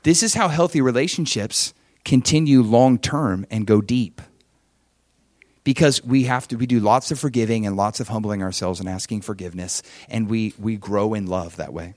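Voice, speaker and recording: A man's voice: lowish voice, moderate pace, darkish tone, no room sound. Emphatic preaching man, dry sound. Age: adult father with children. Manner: emphatic, conversational preaching, often checks in with the audience. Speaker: pastor. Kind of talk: sermon.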